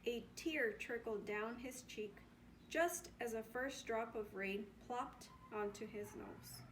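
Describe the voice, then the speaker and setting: A woman reading a children's picture book aloud in an expressive storytelling voice. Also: on the high side, slow, slight background noise. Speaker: storybook reader.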